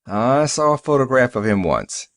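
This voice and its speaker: A man's voice: medium pitch, sing-song, normal speed, no echo, studio quality. A man reading an audiobook, voicing a friendly, easygoing small-town male store clerk.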